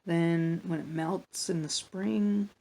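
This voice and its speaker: A woman reading a children's Bible story aloud for a church, in a plain, gentle storytelling manner with small asides. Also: lowish voice, steady tone, takes it slowly.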